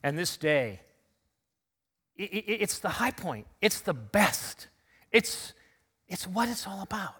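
A recovering pastor gives his Easter sermon in the sanctuary, conversational in tone and leading call-and-response with the congregation after his recent illness. His high, sing-song voice is bright, forceful and husky, and he goes slowly with long pauses.

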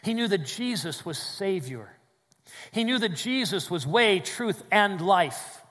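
A man preaching a sermon in a church, swinging between loud emphatic peaks and quiet, low drops. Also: animated, measured pace, in a large hall. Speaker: pastor. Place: church sanctuary with congregation.

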